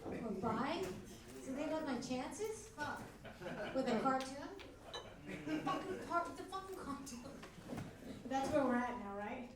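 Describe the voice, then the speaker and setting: A woman hosts a comedy club in front of a live audience, trading brash, crude, self-mocking banter with the crowd between acts. Her voice is high and animated, unhurried with long pauses, recorded in an echoey club on a distant mic with crowd noise.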